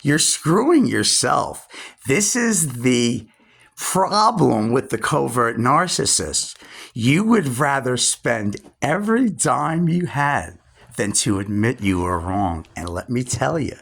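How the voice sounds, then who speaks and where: Man in his sixties, husky, angry rant, swinging pitch, emphatic pauses. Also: big pitch swings, fairly bright tone. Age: 60s. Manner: scornful, drawn-out emphatic pauses. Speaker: vlogger. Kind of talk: angry direct-address rant.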